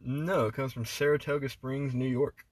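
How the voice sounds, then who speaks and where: Loud, profane man telling stories. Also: medium pitch, fairly even intonation, moderate pace, no room sound. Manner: loud swearing storyteller, puts on voices for jokes. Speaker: podcast co-host. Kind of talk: casual podcast chat.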